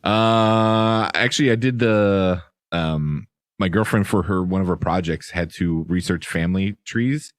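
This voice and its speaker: A man chats about films as a podcast host, his voice sitting on the low side. He rambles with lots of fillers and plenty of enthusiasm. The sound is dry and close, with no room around it. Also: measured pace, dry recording. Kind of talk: casual movie review chat.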